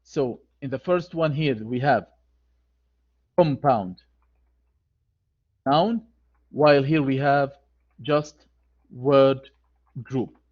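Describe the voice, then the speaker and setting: Slow, repetitive male grammar teacher. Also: medium pitch, highs cut off. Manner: slow, deliberate, repeats key phrases. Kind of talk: online grammar lecture.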